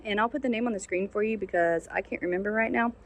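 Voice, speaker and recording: A woman at an ordinary middle pitch chats her way through a casual houseplant tour outside on a sunny day. She gushes over each plant and pokes fun at her own mistakes, with easy fillers along the way. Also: fast talker. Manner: chatty, gushing and self-deprecating. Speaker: plant channel host.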